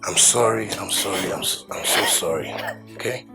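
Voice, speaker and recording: A man's voice: on the low side, normal speed, creaky. An actor with a Nigerian accent playing a young man who pleads and reassures in a film drama, with music underneath. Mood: pleading. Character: soothing young Nigerian man, caring son.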